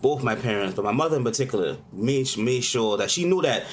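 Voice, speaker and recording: A man, talking at a middling pitch. He tells his story in a loose, rambling way, scattering "you know" everywhere. It sounds like a relaxed interview chat. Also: brisk, slight background noise. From Charleston, South Carolina. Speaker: chef, interview guest.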